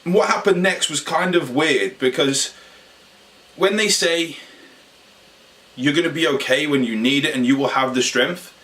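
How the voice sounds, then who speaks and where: A man's voice: a little high, fairly bright tone. Man with a raised voice, telling a story. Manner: halting, repetitive retelling with dramatic pauses. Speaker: health coach. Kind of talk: personal story told to camera. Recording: voice a little distant from the mic.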